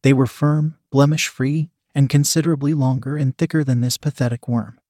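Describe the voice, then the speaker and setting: Male storyteller, measured even reading, medium pitch, dry close sound. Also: no room sound. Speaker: narrator.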